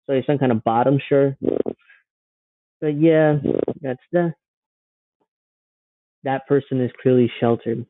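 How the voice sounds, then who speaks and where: A man's voice: medium pitch, a little slow, pauses often, no room sound, phone-quality sound. A man hosting a livestream, giving sarcastic, rambling political commentary. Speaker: livestream host.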